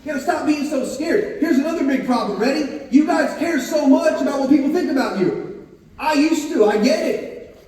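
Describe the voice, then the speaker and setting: A man giving an energetic, punchy motivational talk to a live audience and drawing answers from the crowd. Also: very high voice, normal speed. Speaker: motivational speaker. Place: large hall with a live audience. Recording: echoey hall, voice far from the mic.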